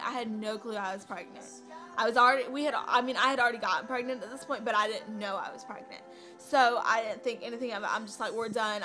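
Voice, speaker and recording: A woman's voice: mid-range voice, bright, forceful tone. A young woman vlogging a personal story, rambling and hesitant with many fillers.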